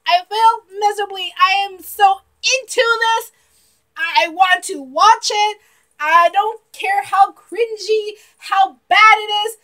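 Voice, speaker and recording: A young woman reacting to a movie trailer in a giggly, excitable way, bursting into shouts of delight. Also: very high voice, slow pace.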